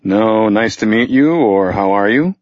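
A male narrator voicing a brisk woman operative handler with a Southern accent, clipped, precise and matter-of-fact. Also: fairly low pitch, expressive, dry recording, lo-fi sound. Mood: crisp.

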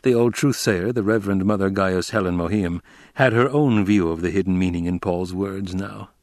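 A man narrating a novel in an even, measured storytelling manner. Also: deep voice, no echo, studio quality. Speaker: audiobook narrator. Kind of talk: scripted narration.

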